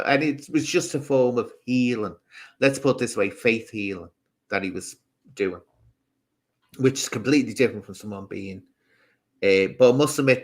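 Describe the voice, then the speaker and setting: A man with a Scouse accent mixed with Southern Irish, hosting a casual live stream, rambling and answering comments from viewers. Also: fairly low pitch.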